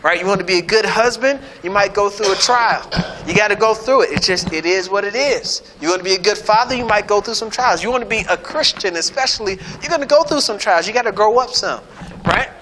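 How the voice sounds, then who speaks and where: A man's voice: high-pitched, brisk, pushed and bright. A man preaching a conversational sermon, playful and sarcastic, often checking in with his listeners. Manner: conversational preaching, keeps asking "right?". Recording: noisy hall with long reverb.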